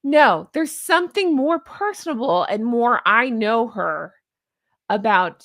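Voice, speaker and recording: A chatty woman hosting a livestream, her voice rising and falling a great deal and sitting a little high. The sound is dry and close. She jokes and greets viewers as she goes. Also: expressive, slow, fairly bright tone, no room sound. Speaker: host of a commentary channel. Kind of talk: casual livestream chat.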